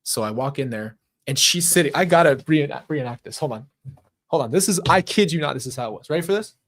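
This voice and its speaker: A man's voice: fairly high pitch, animated, quick pace, a bit bright. Young man telling a heartfelt personal story. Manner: emphatic, conversational, with filler "like" and restarts. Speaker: host. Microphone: handheld mic.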